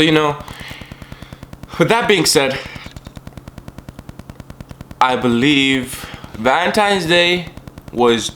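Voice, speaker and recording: A young man casually telling a personal story to the camera, animated and profane. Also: mid-range voice, slight background noise, rough recording. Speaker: vlogger.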